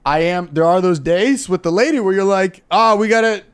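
A young man co-hosting a comedy podcast, joking around and slipping into quick voices for bits. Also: high-pitched, animated, clean tone. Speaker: podcast co-host. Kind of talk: crude comedic podcast banter.

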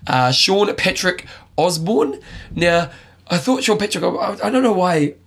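A man co-hosting a podcast, rambling through jokes and quick asides in casual chat. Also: sits high, sing-song, breathy edge. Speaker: podcast co-host.

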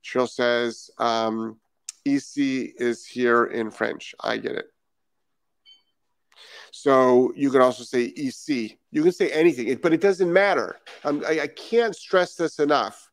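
A Rhode Island man hosts a dog-training live stream, responding to viewer comments as they arrive. He's emphatic, repeats his main points, and leans on rhetorical questions. His voice is of typical male pitch and unhurried, with a dry, close sound and no room tone.

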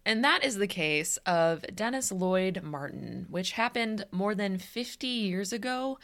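A woman's voice: mid-range voice, animated, measured pace, a bit bright. A woman co-hosting a podcast in casual chat, easygoing and agreeable. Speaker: podcast co-host.

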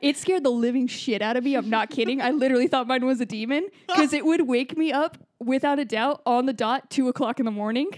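A woman's voice: sits high, brisk, few pauses, a little mellow, no room sound. A young woman telling dramatic stories in a casual chat, blunt and swearing.

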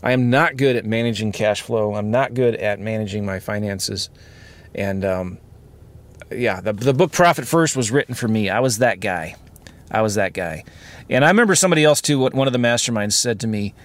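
A man's voice: on the low side, moderate pace. Man confessing on his podcast from a car. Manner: earnest, rambling and confessional, with frequent fillers. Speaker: podcast host. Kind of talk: candid podcast monologue. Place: inside a car.

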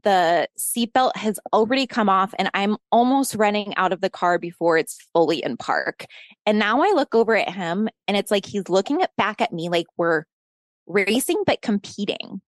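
A woman in her thirties tells a tense personal story in a casual interview, lively and profane, often laughing and acting out shouted lines. Her voice sits in a middle register. The sound is dry and close, with no room around it. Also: medium pitch, moderate pace, no echo. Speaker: podcast host telling a personal story as interview guest.

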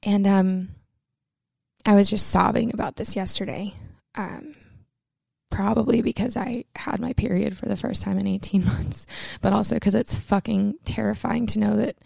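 A woman's voice: medium pitch, fairly even intonation, normal speed, creaky, a little mellow, no room sound. A young woman telling a personal story to camera, candid and emotional, chatty with many fillers and close to tears at times. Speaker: vlogger.

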